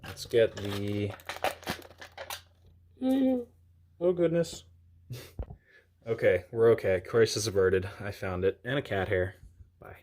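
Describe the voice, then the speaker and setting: Man, very low voice, casual unboxing chat, thinks aloud, self-deprecating, indoors at a desk. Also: steady tone, unhurried, darkish tone, a little hiss or hum. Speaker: diecast collector channel host.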